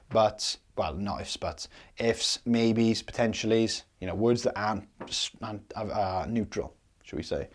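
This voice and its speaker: A man in his younger years talks through a sales method as a coach. His voice sits fairly low. He keeps it casual and explanatory, checking in with "okay?" after each point. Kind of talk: instructional talk to camera.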